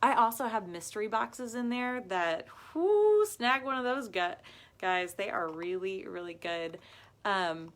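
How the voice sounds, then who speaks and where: A woman's voice: mid-range voice, very animated, a little slow, a bit bright. A woman hosts a live crafting video and chats with viewers as if they were friends. She is bubbly and talkative and laughs often. She reacts to comments as they come in. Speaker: host of a live craft and ribbon shop video. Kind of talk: chatty livestream talk to viewers.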